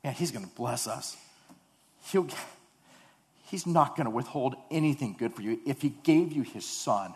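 A male pastor preaching a sermon, swinging from loud urgent build-ups to hushed low passages, with rhetorical questions and repetition. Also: animated, normal speed, pauses often. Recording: long hall reverb.

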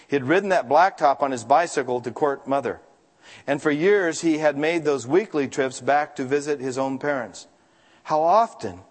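Male preacher, animated and emphatic, mid-pitched voice ringing through a long hall reverb. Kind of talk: sermon.

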